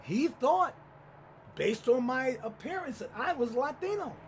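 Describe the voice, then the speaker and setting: A man hosting his own channel, telling a personal story in lively commentary and acting out the people he quotes. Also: extremely high pitch, unhurried, slight background noise. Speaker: channel host.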